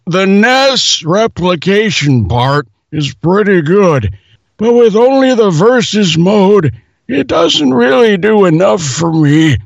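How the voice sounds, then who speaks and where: A man's voice: sits high, gravelly, no echo, muffled recording, pitched above the performer's own voice, heavily acted. A man reading a review aloud as a cranky, complaining old man, drawing out his grumbles. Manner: grumpy, complaining, drawn-out.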